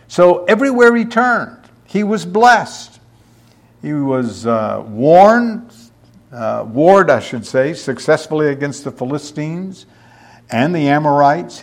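A man's voice: mid-range voice, a little mellow. A man teaching through a Bible passage, reading verses aloud and explaining them with occasional fillers. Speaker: preacher.

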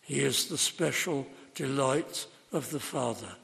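Slow, emphatic preacher in a reverberant hall. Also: male voice, mid-range voice, gravelly, fairly bright tone. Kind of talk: sermon.

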